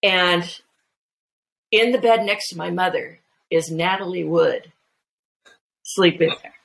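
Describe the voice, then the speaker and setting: Woman guest, gravelly voice, lowish pitch, chatty storytelling with restarts. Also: takes it slowly, rough recording. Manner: animated anecdotes with many restarts and fillers. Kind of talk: casual storytelling chat.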